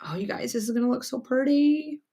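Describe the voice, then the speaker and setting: This North Carolina quilter talks a little fast in a high, warm, husky voice while livestreaming from her sewing room at home. She's chatty, reading viewer comments out loud as she sews, with faint sewing machine noise in the background.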